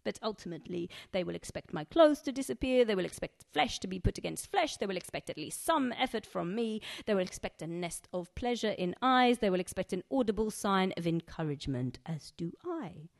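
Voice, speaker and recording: A woman performing spoken-word poetry as a worldly Egyptian woman, speaking with an Egyptian accent in a dry, sardonic, unhurried way. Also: medium pitch, lively intonation, creaky.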